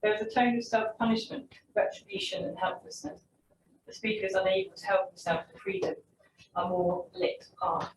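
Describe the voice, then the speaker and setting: A young woman presents her literary essay, reading steadily and breaking off into wry, self-interrupting asides. Her voice sits at a middle pitch and carries a roomy echo, with the mic set some distance away. A faint hum of ambience runs underneath. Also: moderate pace.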